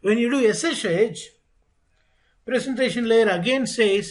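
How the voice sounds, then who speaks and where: A man teaching networking in an online lecture. He speaks deliberately, repeats key phrases and asks rhetorical questions. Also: extremely high pitch, rough recording. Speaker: networking instructor.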